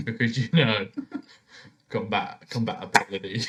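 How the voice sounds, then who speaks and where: A man's voice: lowish voice, steady tone, moderate pace, a bit bright. A man playing a tabletop game, reading game text aloud with amusement.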